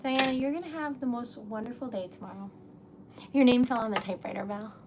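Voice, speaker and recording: A young woman poet chatting casually with livestream viewers, soft-spoken and giggly as she types. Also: on the high side, fast talker, noisy background. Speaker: poet livestreaming while typing. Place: indoors at a desk with a typewriter.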